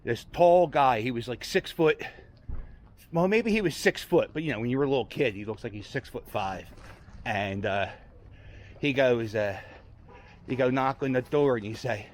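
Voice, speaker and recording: Pausing often at a moderate pace, a medium-pitched man hosts a walking vlog on a city street. His talk is casual, chatty, rambling and self-deprecating, with a little hiss or hum in the background.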